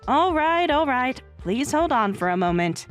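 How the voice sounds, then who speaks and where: A woman's voice: sits high, sing-song, unhurried, faint music behind. A woman playing a cool, cutting young wife. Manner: dry, cutting. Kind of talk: voiced story narration drama.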